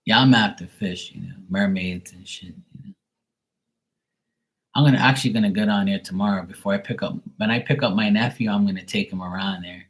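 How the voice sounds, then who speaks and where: A man with a fairly low, brisk voice hosts a live stream, captured on poor audio, giving readings. He rambles through a casual story full of streetwise slang and heavy swearing, acting out both sides of each conversation himself.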